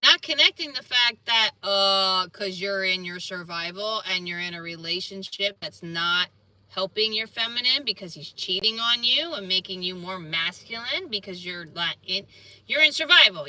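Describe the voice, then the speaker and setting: A woman's voice: medium pitch, moderate pace, sharp tone, dry recording, far from the mic. A woman with a Philadelphia accent talking casually on a livestream, rambling at times and turning combative and emphatic. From Philadelphia and New York. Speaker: spiritual healer streamer answering viewers.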